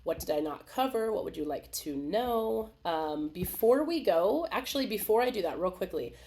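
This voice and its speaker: A woman hosting a live video webinar in a casual, animated way, laughing often and acting out small voices. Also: medium pitch, normal speed. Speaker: webinar host. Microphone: video call.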